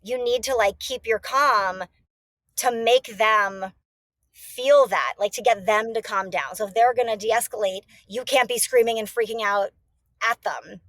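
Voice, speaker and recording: A woman's voice: on the high side, measured pace, fairly bright tone, dry recording. A woman in her thirties, a mother and podcast guest, talking in a reflective, casual way with many fillers and restarts. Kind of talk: casual chat.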